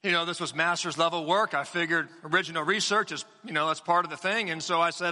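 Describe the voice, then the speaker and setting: A pastor in his forties delivering a sermon in measured, emphatic phrases, with repetition for weight. He speaks from a church sanctuary. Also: on the high side, steady tone, bright, forceful tone, long reverb tail.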